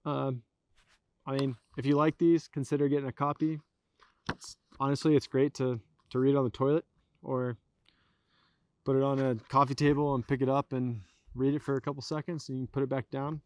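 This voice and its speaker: A young man, a poet, closing his reading with casual, hesitant thanks, soft-spoken and trailing off. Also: mid-range voice, little pitch movement, brisk, pauses often, dry recording. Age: young adult.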